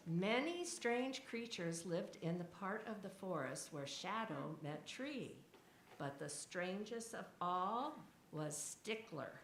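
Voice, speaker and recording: A woman reading a picture book aloud to children at a church service, chatting with them between pages in a gentle, expressive way. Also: on the low side, slow pace, slight background noise. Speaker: story reader at a church service. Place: church sanctuary. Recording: roomy church hall echo.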